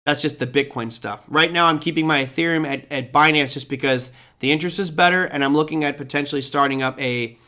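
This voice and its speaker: Middle-aged guy hosting a live trading q&a, bright voice, a bit high, loose and chatty. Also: fast talker, few pauses. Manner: chatty, answers viewer questions off the cuff. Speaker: trading show host. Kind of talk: casual live Q&A.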